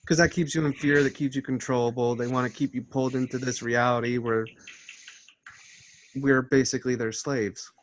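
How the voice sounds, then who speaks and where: A man's voice: medium pitch, fairly even intonation, moderate pace, a little hiss or hum. A man in casual conversation who explains his spiritual views in an earnest, preachy way. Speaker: channel host.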